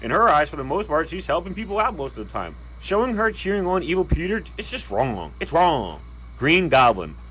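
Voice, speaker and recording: Man, video commentator, exasperated ranting, lively pitch, higher voice. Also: a little fast, breathy edge. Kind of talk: ranking commentary.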